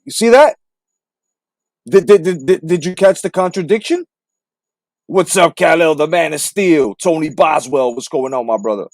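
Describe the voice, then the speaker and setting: A man's voice: fairly high pitch, lively intonation, normal speed, darkish tone, dry recording, studio quality. A man hosting a boxing commentary stream, ranting in a combative, profane way and repeating himself for emphasis. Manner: combative, repetitive, swearing heavily. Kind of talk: profane live-stream rant.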